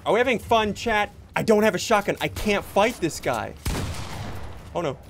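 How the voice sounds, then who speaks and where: A young man giving jokey, excitable commentary while playing a video game. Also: high-pitched, normal speed, slight background noise. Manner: excitable, jokey, yelps and laughs mid-play. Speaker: gaming channel host. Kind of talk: live gameplay commentary.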